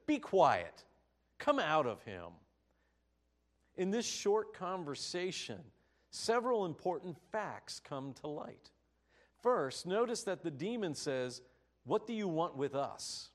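A man preaching a sermon, telling stories with animated, rising emphasis. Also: mid-range voice. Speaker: pastor.

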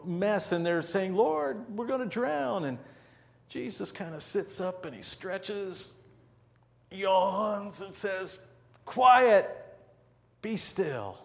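A man preaching a sermon as pastor, telling a story vividly and slowing down to stress key points. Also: fairly high pitch, a little mellow, in a large hall. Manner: vivid storytelling with slow, drawn-out emphasis.

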